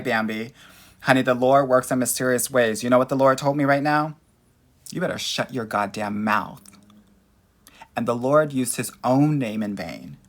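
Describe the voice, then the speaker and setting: A man's voice: medium pitch, fairly bright tone. A young man hosting a casual livestream as a dating coach, sassy and playful, calling his viewers honey and girl.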